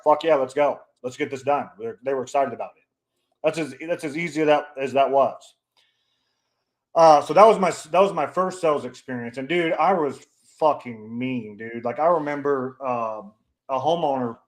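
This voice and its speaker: A man chatting on a podcast, telling a story in a blunt, profane, animated way and acting out the people he quotes with a raised voice. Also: medium pitch. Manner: profane, blunt, animated, pushes his own story hard. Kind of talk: casual storytelling chat.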